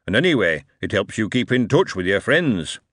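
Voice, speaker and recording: A man doing a blunt, argumentative dwarf in a bar, loud and rough in an audiobook. The voice rises and falls a lot and sounds dry and close. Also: fairly low pitch, sing-song, normal speed, no room sound. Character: gruff male dwarf drinker, blunt, argumentative.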